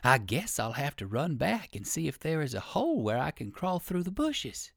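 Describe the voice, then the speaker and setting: A man voicing a kindly, excitable old gentleman rabbit in a children's storybook reading, with high fluttery exclamations. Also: normal speed, creaky, dry recording, clean studio sound, heavily acted. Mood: anxious.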